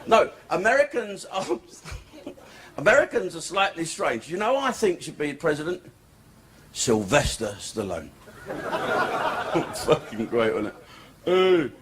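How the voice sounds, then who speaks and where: Foul-mouthed comedian, lively pitch. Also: male voice, measured pace, long pauses, crowd noise. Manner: crude, profane, swearing constantly. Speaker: stand-up comedian. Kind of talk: stand-up comedy set. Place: comedy club. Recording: noisy club recording.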